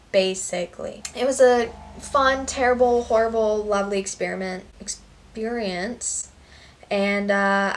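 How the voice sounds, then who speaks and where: Young female vlogger, chatty and sarcastic, filler-heavy delivery, slightly distant mic. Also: mid-range voice. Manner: rambling, sarcastic, heavy "like" and "basically". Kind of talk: storytime vlog.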